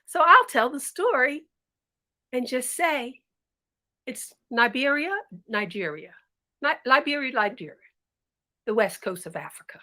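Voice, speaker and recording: A woman storyteller telling folk tales in an expressive, animated, sing-song way. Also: high voice, measured pace, pauses often. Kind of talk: storytelling for listeners.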